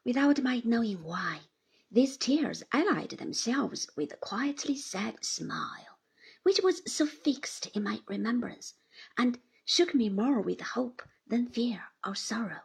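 A woman narrating a classic novel aloud in a measured, gentle manner. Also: on the high side, lively intonation, creaky, husky. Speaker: audiobook narrator.

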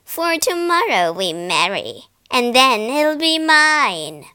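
A woman voicing a cruel, commanding troll queen in a storybook reading, loud and gloating. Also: high voice, big pitch swings, slow, clear, resonant tone, heavily acted.

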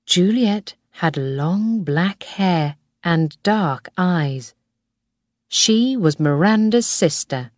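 A woman narrating a graded-reader story in a clear, careful, measured way. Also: fairly low pitch, expressive, no room sound, clean studio sound. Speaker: audiobook narrator.

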